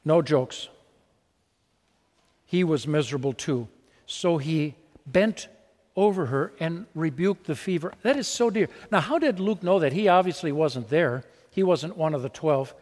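Male pastor, slightly high voice, lively and conversational sermon delivery, long church reverb. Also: measured pace. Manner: conversational and animated, acting out little scenes.

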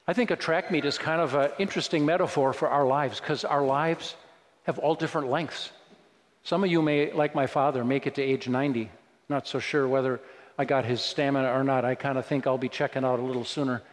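Preaching man in a reverberant hall. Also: mid-range voice. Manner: conversational preaching with sudden emphatic rises. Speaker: pastor. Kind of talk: sermon. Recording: long reverb of a large hall.

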